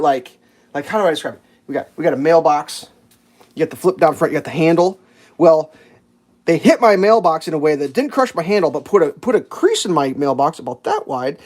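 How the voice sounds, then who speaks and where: A live streamer telling an exasperated, profane story, ranting in an animated way, at home. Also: mid-range voice.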